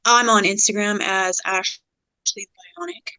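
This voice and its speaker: A woman's voice: lowish voice, moderate pace, sharp tone, no room sound, rough recording. A young woman from Canada as a podcast guest, talking in a laid-back, candid way with lots of fillers. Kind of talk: casual interview chat.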